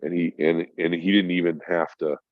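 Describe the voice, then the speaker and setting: A man's voice: low-pitched, little pitch movement, moderate pace, no room sound. A middle-aged man, stoned, telling a rambling, profane story in casual chat as a podcast guest. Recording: dull lo-fi sound.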